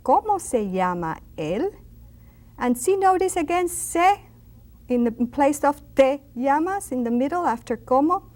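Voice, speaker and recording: A woman teaching a beginner lesson to children, patiently repeating phrases slowly. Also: sits high, sing-song, a little mellow. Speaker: Spanish teacher. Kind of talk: instructional video lesson.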